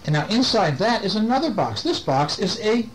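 Animated older man reading bedtime stories. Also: high voice, moderate pace, poor audio. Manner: animated, playful questions to the kids. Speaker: storyteller. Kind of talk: reading a picture book aloud to children.

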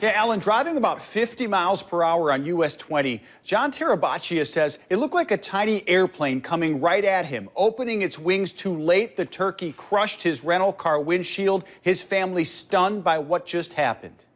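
A man reporting for local TV news in a measured, scripted delivery. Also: high-pitched, animated.

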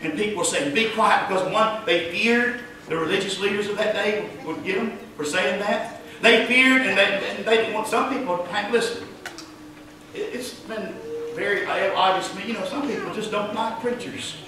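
A man preaching a fervent sermon as pastor, building to loud cries. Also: high voice, normal speed. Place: church sanctuary. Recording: echoey church heard from a distance.

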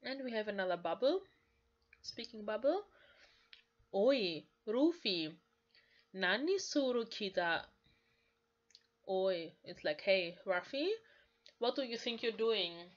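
A German woman, whose first language is German, slowly and carefully explains Japanese lines from a manga as a language learner, saying "like" often. Her voice is mid-range and the audio sounds dull.

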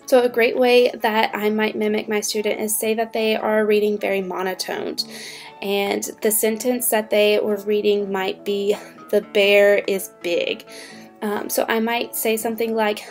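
A woman who teaches English online, giving upbeat, clear tips to fellow teachers. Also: mid-range voice. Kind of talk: instructional talk to fellow teachers.

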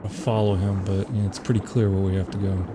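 A woman's voice: a bass voice, little pitch movement, quick pace, background noise. A woman co-hosting a casual let's play, giving laid-back, dry commentary on the game. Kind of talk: casual gameplay chat.

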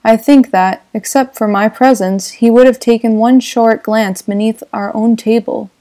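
Woman, audiobook narrator, measured storytelling, mellow, fairly high voice. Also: steady tone.

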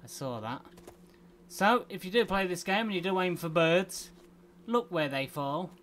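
A man's voice: high-pitched, expressive, unhurried, fairly bright tone, slight background noise. A man hosting a gaming channel, chatting casually and playfully grumbling as he plays. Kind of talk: casual let's play commentary.

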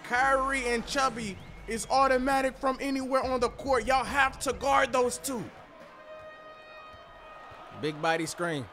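A man giving casual gameplay commentary, loud and excitable, trash-talking and swinging from mumbles to yells. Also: extremely high pitch, a little slow, soft background music. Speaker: gaming streamer.

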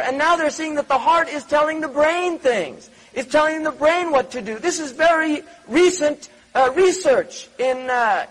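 A man's voice: very high voice, fairly bright tone, low-quality recording. A man giving a religious lecture in a conversational, digressive way, full of rhetorical questions and asides. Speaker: Islamic scholar lecturing.

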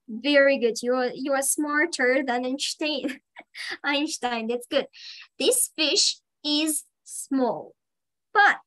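A woman teaching English to children in a live online class, speaking slowly and leaping into high, excited emphasis on key words. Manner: slow, drawn-out teacher talk with sudden high, excited emphasis.

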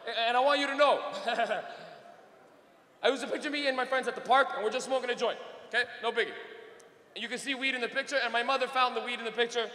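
A man doing a stand-up routine on stage, loud and profane, laughing as he talks. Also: extremely high pitch, fast. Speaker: stand-up comedian. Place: comedy club stage. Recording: echoey hall reverb.

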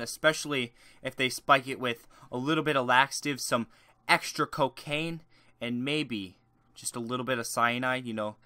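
Crude young man, bright dry voice. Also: mid-range voice, dry recording. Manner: crude, rambling, shifts between shouting rants and mumbling. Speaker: YouTuber. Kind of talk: joke Q&A monologue.

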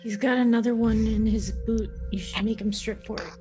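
A woman's voice: on the high side, steady tone, moderate pace, over music. A woman playing a tabletop role-playing game, cracking jokes in character and out. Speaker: player. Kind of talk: casual tabletop play.

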